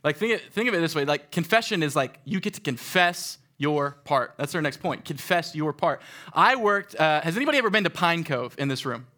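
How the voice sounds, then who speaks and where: A young man giving a sermon to a live audience in a room, talking in a casual, animated way and acting out stories. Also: a little high, a little fast. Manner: animated, conversational, acts out stories. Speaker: youth speaker.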